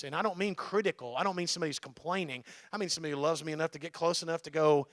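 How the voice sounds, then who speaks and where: A man's voice: a little high, quick pace, few pauses, a bit bright, no echo, clean studio sound. A male pastor giving a conversational sermon in church, often checking in with his listeners.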